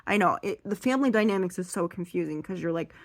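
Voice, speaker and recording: A woman's voice: fairly low pitch, animated, fast talker, dry recording, studio quality. A young woman with a slightly strained voice doing a seated stand-up monologue. She swears freely and acts out her relatives in quoted voices. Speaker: stand-up comedian.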